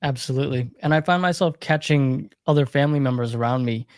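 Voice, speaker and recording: A man's voice: mid-range voice, fast, a little mellow, dry recording, clean studio sound. A young man co-hosting a livestream Q&A as a recovery coach, talking earnestly and reflectively with emphatic repetition. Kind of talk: casual livestream Q&A talk.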